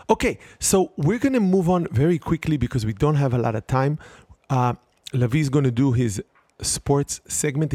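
A woman hosting a casual chat who teases her guests and jumps quickly from topic to topic. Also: sits low, dry recording. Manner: quick topic changes, teasing, animated questions. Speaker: host.

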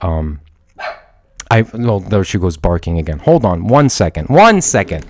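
A man from Iran, with a low voice that swings widely in pitch, speaks at a measured pace on a solo film podcast he hosts from home, where he has a dog. As a film reviewer he rambles through his thoughts with many restarts, fillers and casual swearing. His studio microphone carries a little hiss or hum.

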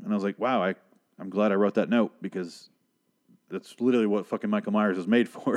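A man's voice: fairly low pitch, darkish tone. Young male podcast host; profane, incredulous ranter for a sarcastic film recap.

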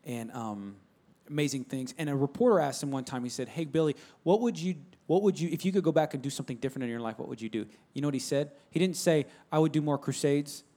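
A man's voice: fairly high pitch, fast talker, few pauses, warm tone. A man preaching a sermon in a conversational, emphatic style, repeating phrases and calling out to the congregation. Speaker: pastor.

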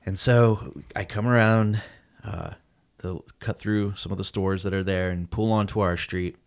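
Man, lowish voice, casual storytelling, animated quotes, swears. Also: measured pace, clean tone. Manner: swears freely. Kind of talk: casual chat.

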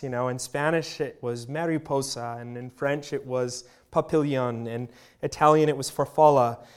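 Earnest male pastor preaching a sermon. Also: mid-range voice. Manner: earnest, varying volume, emphatic pauses.

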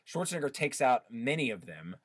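A man's voice: medium pitch, big pitch swings, a little fast, fairly bright tone, no room sound, clean studio sound. A man co-hosting a podcast in casual chat, rambling and restarting his sentences often. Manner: chatty, rambling with many restarts. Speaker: podcast co-host.

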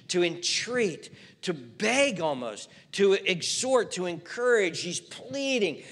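A male pastor delivers an emphatic sermon in a fairly high voice. His pitch rises and falls dramatically as his fervour builds. The sound carries through an echoing church hall. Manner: emphatic, building from quiet to fervent.

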